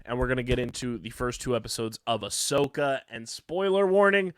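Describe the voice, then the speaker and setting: A man's voice: medium pitch, no echo. Sleepy podcast guy still hyped, reading ads, dead dry mic. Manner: energetic, enthusiastic, fast ad reads. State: tired, yawning late at night. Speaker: podcast host. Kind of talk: podcast review and ad reads.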